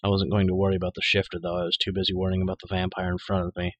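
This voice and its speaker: A man narrating a dark urban fantasy audiobook in the first person, with dramatic, measured storytelling. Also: low voice, completely flat delivery, dry recording, highs cut off.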